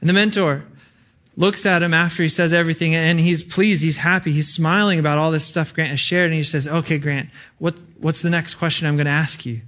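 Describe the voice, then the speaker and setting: Young man, sermon, earnest, conversational, fillers, slightly higher voice. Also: steady tone, fairly quick, fairly bright tone. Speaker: preacher.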